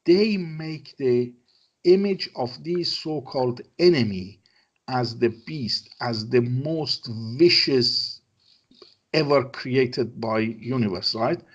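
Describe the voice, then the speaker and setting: A man's voice: mid-range voice, slow pace, highs cut off. A man from Iran, a guest in an interview, speaking emphatic English that is not his first language and repeating his phrases. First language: Persian. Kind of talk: conversational interview.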